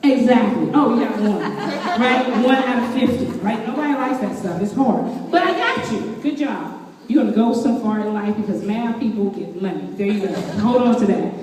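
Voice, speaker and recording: High-voiced woman in an echoey hall. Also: moderate pace, background noise. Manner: animated, playful, quizzes the audience. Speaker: speaker addressing an audience. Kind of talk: lively motivational talk. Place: event room with tables. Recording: echoey hall, mic from far off.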